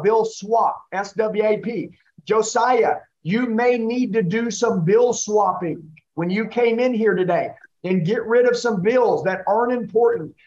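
Male sales trainer, high-pitched, intense drill-style coaching, muffled recording. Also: a little mellow. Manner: intense, coaching, repeats the listener's name. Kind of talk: live sales training role-play.

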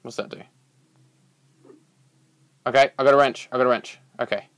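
A young man giving rambling, excitable let's-play commentary as a gaming channel host, swearing when startled. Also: medium pitch, moderate pace, no echo.

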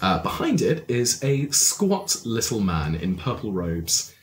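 Lower-voiced man running a tabletop game. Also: very animated, slow pace, over music. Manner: descriptive with many ums and uhs. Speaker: game master.

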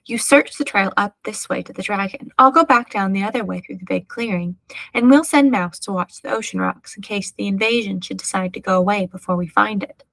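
A woman's voice: medium pitch, a little fast, creaky, fairly bright tone, no echo. A woman voicing a nosy, suspicious wild boar in a read-aloud storybook. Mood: gossiping. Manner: nosy, scheming.

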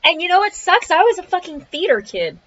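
A woman's voice: very high voice, sing-song, fairly quick, a bit bright. A young woman streaming a game, joking, swearing and getting exasperated. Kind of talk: casual live-stream commentary. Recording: crunchy lo-fi stream audio.

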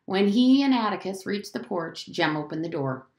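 A woman teacher reads a novel aloud with a lively, expressive lilt. Her voice sits at a middle pitch, and the room around her is echoey. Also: moderate pace, hardly any pauses. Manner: expressive storytelling.

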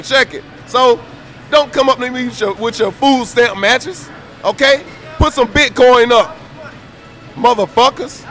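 A man's voice: very high voice, fairly bright tone. A man trash-talking on a stream mic, boastful, taunting and profane. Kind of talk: brash trash talk.

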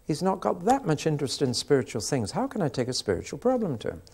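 Exasperated church wife, a man doing her voice, higher pitched, insistent, can't believe what she's hearing. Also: wildly swooping pitch, fast, vocal fry, a little mellow, breathy edge, heavily acted. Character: exasperated churchgoing wife, middle-aged woman.

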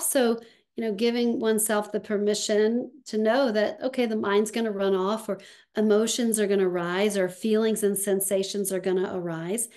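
A woman talks slowly and thoughtfully as an interview guest. She leaves soft pauses between her thoughts, and her voice sits at an ordinary middle pitch. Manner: slow, reflective, with soft pauses. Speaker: guest, somatics practitioner. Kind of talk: conversational interview.

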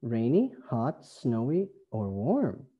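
A man from Canada with a Canadian accent, an English teacher reading a phonics lesson slowly in a sing-song way. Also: mid-range voice, wildly swooping pitch, husky, narrow, tinny audio. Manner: slow, sing-song, stretched words.

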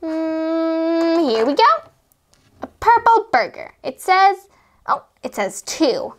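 A woman voicing little toddler girl dolls playing a board game, high and excitable, squealing when things go wrong. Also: takes it slowly, full character voice. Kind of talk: doll play narration.

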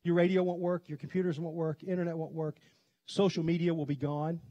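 A middle-aged pastor from Kentucky preaching a sermon, telling stories in a chatty way and laughing often. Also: male voice, fairly high pitch, little pitch movement, dark tone, no echo, dull audio. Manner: conversational storytelling, quick to laugh. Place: church sanctuary.

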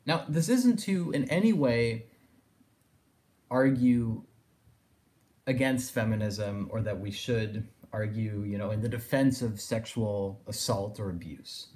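A man's voice: lowish voice, slow pace, darkish tone. A man giving a philosophy lecture, thinking aloud and circling his points with phrases like "in a sense". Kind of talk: recorded lecture.

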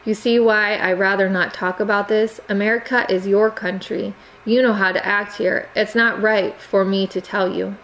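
A woman voicing a reserved young Cambodian immigrant girl who speaks quietly in halting phrasing. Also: medium pitch, fairly even intonation, natural voice, low-quality recording. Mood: restrained. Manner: quiet, halting non-native phrasing, restrained.

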